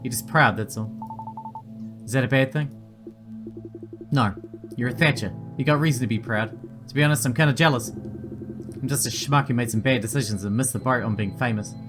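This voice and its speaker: A man's voice: mid-range voice, moderate pace, pauses often, over music, close to an everyday voice. A man voicing a dying man who is bitter, desperate and prone to swearing. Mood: bitter, resigned. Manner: pleading, swearing, breaking into pained outbursts.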